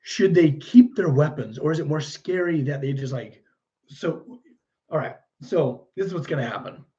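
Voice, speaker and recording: Relaxed man chatting on a livestream. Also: fairly high pitch, normal speed, lo-fi sound. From United States. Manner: relaxed, musing aloud while painting, chatting with viewers. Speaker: livestream host painting miniatures. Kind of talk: casual live-stream chat.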